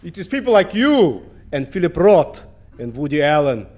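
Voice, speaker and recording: A woman's voice: low voice, very animated, moderate pace, a little mellow. A man voicing a pushy, blunt older Russian woman with a thick Russian accent. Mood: indignant, then gushing.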